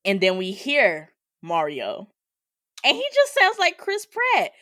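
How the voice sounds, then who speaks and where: A woman co-hosts a casual podcast chat, talking loosely and laughing often. Her voice sits at a middle pitch. The sound is dry and close, with no room around it. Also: wildly swooping pitch, slow pace, a bit bright, dry recording. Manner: chatty, laughs often, fills with "like". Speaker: podcast co-host. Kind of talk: casual chat reviewing movie trailers.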